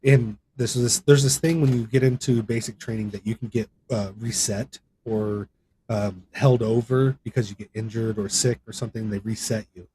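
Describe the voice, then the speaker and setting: A man's voice: fairly low pitch, fairly even intonation, normal speed, mellow, a little hiss or hum. A man guest on a podcast, telling a personal story in a rambling, conversational way, full of fillers and restarts. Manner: voice rises sharply when reenacting others. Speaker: podcast guest, gaming content creator. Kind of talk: casual storytelling.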